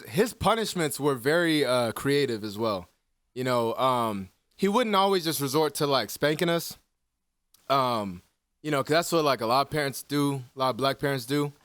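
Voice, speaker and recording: A man's voice: medium pitch, clean tone, dry recording. A man in his twenties, co-hosting a podcast, telling stories in casual chat with lots of laughter and swearing. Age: 20s. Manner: animated storyteller, laughs a lot, swears freely. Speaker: podcast co-host.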